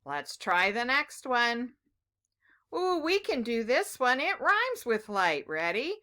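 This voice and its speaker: Woman teacher, children's phonics lesson; slow, bright, encouraging sing-song delivery. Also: on the high side, very animated.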